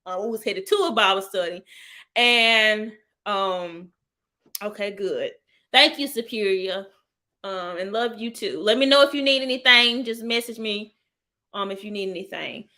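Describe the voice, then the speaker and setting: A woman's voice: medium pitch, a little slow, pushed and bright. A woman, hosting a casual live talk and speaking straight to her viewers as y'all. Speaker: host of a live healing talk. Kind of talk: live-stream chat.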